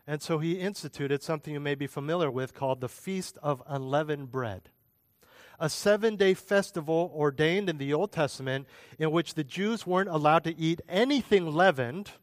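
A man's voice: a little high, dry recording, clean studio sound. A middle-aged man preaching a sermon as a pastor, talking conversationally and asking the listeners rhetorical questions.

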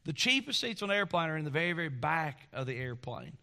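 Pastor guy preaching, tells stories all folksy, voice sits high and bright. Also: quick pace, creaky. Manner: folksy, animated storytelling with acted-out voices. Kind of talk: sermon with storytelling.

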